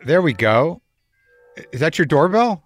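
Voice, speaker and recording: A man's voice: on the high side, big pitch swings, unhurried, faint music behind. A middle-aged man hosting a show, talking in a rambling comic monologue that is profane, wry and darkly joking. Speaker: podcast host.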